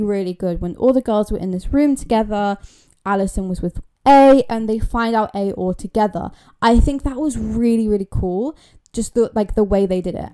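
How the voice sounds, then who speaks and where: A woman's voice: medium pitch, warm tone, clear, resonant tone. A young British woman talking casually to her viewers, chatty and emphatic, repeating words for stress. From Britain. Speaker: YouTuber. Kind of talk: casual commentary vlog.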